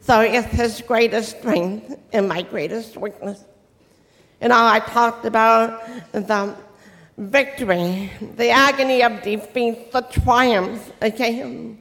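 A deaf woman giving an inspirational faith talk. Her speech is distinctive and sounds accented, and she articulates slowly and carefully. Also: on the high side, fairly even intonation, a bit bright. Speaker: inspirational speaker. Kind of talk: motivational faith talk to an audience. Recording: long reverb of a large hall.

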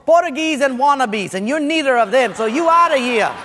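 A man voicing a brash Portuguese job seeker from Hawaii, speaking Hawaiian Pidgin with a boastful, loud swagger. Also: very high-pitched, lively intonation, a little fast, slight background noise, exaggerated voice. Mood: cocky. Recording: long hall reverb.

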